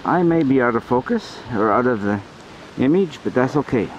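A man casually narrating to a camera outdoors in the woods, chatty and unhurried as he sets up his gear. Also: mid-range voice, lively intonation. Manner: chatty, unhurried, talks to camera while working. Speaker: outdoor vlogger. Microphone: camera mic on a small tripod. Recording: dull lo-fi outdoor recording with clear background noise.

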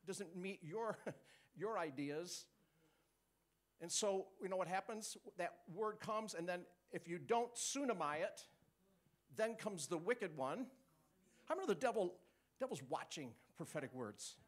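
High-voiced man preaching a sermon. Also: unhurried. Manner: animated, teaching with call-and-response and chuckles.

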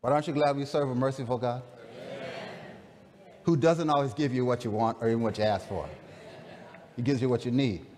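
A man's voice: mid-range voice, brisk, pauses often, darkish tone. A man preaching a sermon in a dramatic, conversational way, calling out to his congregation. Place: large camp meeting hall. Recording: long reverb of a large hall.

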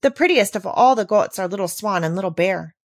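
A lively little girl, bright and eager, her voice jumping up high with curiosity, as a woman reading a storybook puts her on. The sound is dry and close. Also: brisk, dry recording. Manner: high, bright, excited girl's voice. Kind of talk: storybook read-aloud.

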